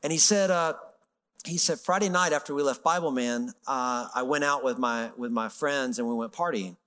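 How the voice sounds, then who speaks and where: A man's voice: mid-range voice, normal speed, smooth, in a large hall. A middle-aged man preaching in a conversational, storytelling way, acting out the voices of people in his stories. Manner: animated, conversational, acts out quoted voices. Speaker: pastor. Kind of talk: sermon storytelling.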